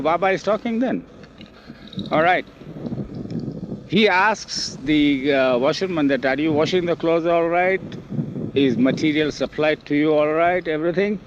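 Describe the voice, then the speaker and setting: An older man telling memories in an oral history interview, animated and acting out the quoted speech, recorded outdoors on old film. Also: a little high, unhurried, pauses often, noisy background. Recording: dull lo-fi 1970s film audio.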